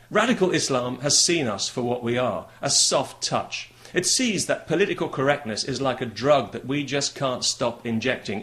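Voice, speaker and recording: A man's voice: mid-range voice, fairly bright tone. A man with a British accent delivering a combative political monologue, sarcastic and mocking in tone. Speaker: political commentator. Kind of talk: monologue commentary to camera.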